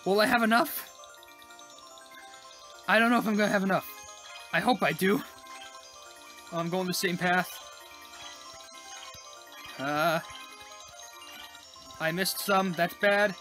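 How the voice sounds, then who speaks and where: A gaming YouTuber giving casual let's-play commentary, talking to themself and the viewers with quick, frustrated outbursts. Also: mid-range voice, sharp tone, soft background music. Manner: chatty, talks to self while playing, quick frustrated exclamations.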